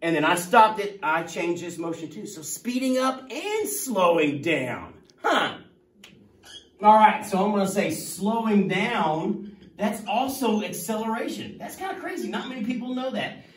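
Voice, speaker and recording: Male teacher, playful and jokey, high voice, roomy classroom sound. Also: very animated, measured pace, a bit bright. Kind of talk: classroom lesson. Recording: echoey room, mic at a distance.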